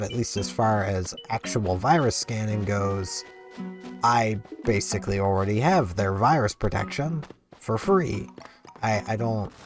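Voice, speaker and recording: A sleepy man rambling chattily through casual gameplay commentary. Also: lowish voice. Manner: rambling, chatty, easily amused. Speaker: gaming channel host.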